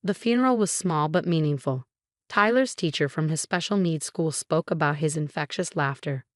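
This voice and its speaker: Calm, low-voiced young woman narrator. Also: dry recording, studio quality. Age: young adult. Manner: calm, measured storytelling. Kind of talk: scripted first-person story narration.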